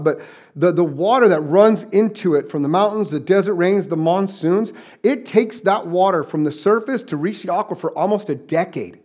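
A man's voice: high-pitched, a little mellow, dull audio. A middle-aged man from southern New Mexico preaching a conversational sermon, folksy and joking, with frequent restarts. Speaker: pastor.

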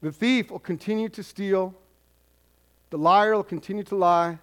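Preaching at a normal speed, a male pastor keeps a steady tone in a voice that sits high and fairly bright. He drives points home through repetition and slips into the voices of the people he counsels, quoting them in asides.

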